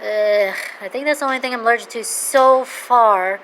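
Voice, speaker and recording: A woman in her thirties talking in a casual, rambling monologue, excitable and jumping between topics. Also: normal speed, slight background noise, poor audio. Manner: excitable, rambling, jumps to loud high-pitched outbursts. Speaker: vlogger.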